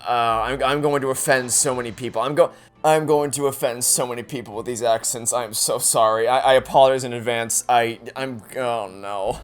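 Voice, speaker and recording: A man's voice: medium pitch, fairly even intonation, normal speed, faint music behind. A man giving casual let's play commentary, rambling, stammering and self-deprecating.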